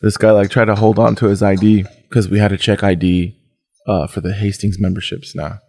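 A man's voice: on the low side, little pitch movement, a little fast, darkish tone. A young man hosting a podcast, telling profane, casual stories full of dude and bro. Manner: profane storytelling, says dude and bro a lot. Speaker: podcast host. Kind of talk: casual chat.

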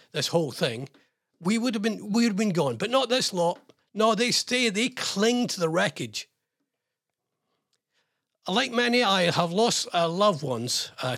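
A man's voice: high voice, fairly bright tone. A British man presenting a radio show, giving opinionated commentary with sarcastic, mocking asides.

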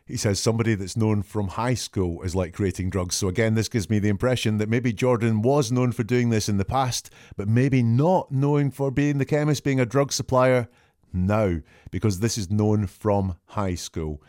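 A man's voice: fairly low pitch, normal speed, darkish tone, no room sound, clean studio sound. A man working as a statement analyst, talking through interview answers in an analytical, questioning way and stressing key words. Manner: questioning, emphatic, quotes and dissects answers. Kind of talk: analytical commentary.

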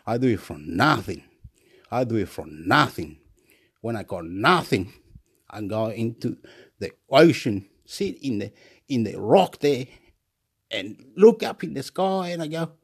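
Excitable rambling man, wildly lively pitch. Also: measured pace, pauses often, husky. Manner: repetitive, excitable, swings between shouting and muttering. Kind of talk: rambling motivational monologue. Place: at home, indoors.

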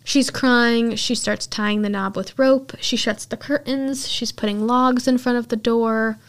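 Woman podcast host, chatty and casual recap, slightly high voice. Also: fairly even intonation, a little slow. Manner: chatty storytelling with filler words.

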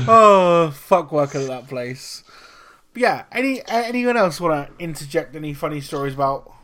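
Podcast host, young adult man, lively swearing storyteller, voice rising and falling a lot. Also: on the high side. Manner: animated storytelling, heavy swearing. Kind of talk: casual chat.

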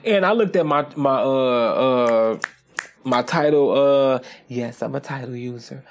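A podcast host talking casually on their own, animated and profane, often checking in with "okay?". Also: medium pitch, a little slow. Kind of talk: casual solo podcast monologue.

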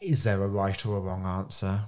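A man's voice: low-pitched, flat delivery, normal speed, darkish tone. A man chatting as a podcast guest, giggly and talkative, often trailing off and restarting. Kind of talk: casual chat.

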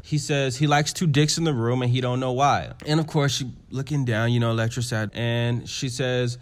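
A man's voice: mid-range voice, fairly even intonation, normal speed, hardly any pauses. Sassy, chatty man recapping a show. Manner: chatty, sassy, profane, lots of fillers. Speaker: TV recap host.

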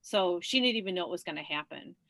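A middle-aged woman shares a personal story in a relaxed interview, talking with lots of fillers and laughing easily. Her voice is bright and forward, and the recording is dry and close with no room sound. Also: on the low side, fast talker, no room sound. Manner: chatty, laughs often, many fillers. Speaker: guest. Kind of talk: conversational storytelling.

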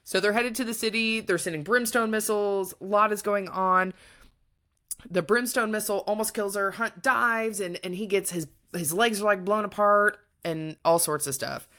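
A woman's voice: mid-range voice, normal speed. A woman co-hosting a book podcast, retelling a plot in casual chat with lots of feeling. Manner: animated, retelling plot with emotion. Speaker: podcast co-host.

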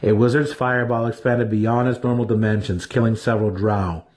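A man voicing a scheming young male dark elf wizard who talks sharply and slyly. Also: mid-range voice, steady tone, a little fast, natural voice. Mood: cold. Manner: sharp, scolding, sly.

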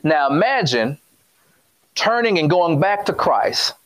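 Male preacher, high-ish voice, casual call-and-response sermon. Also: big pitch swings, slow, fairly bright tone. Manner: conversational, repetitive, call-and-response with congregation.

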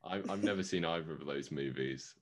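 An English man co-hosting a podcast in casual chat, teasing and quick to argue. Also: a bass voice. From England. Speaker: podcast co-host.

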